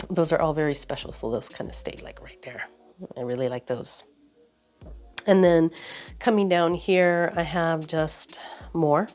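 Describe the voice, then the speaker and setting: A woman's voice: deep voice, darkish tone. A woman giving a casual, rambling desk tour, a little out of breath, talking with lots of fillers and restarts. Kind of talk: casual chat.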